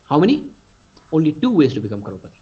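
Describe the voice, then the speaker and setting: A man's voice: on the high side, wildly swooping pitch, fast, warm tone, slightly rough. A man in his forties with an Indian accent, giving an emphatic motivational business talk in a webinar and often quizzing his listeners. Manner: emphatic, quizzes audience, stretches key words. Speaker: business coach. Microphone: computer mic on video call. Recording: dull lo-fi webinar audio.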